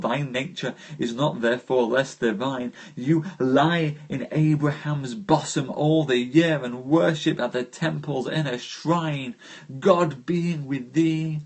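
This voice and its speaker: Slow, soft-spoken man reading poetry. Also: medium pitch, husky. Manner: slow, dreamy recitation with chatty asides to viewers. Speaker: host reading poetry aloud. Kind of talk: live-streamed poetry reading.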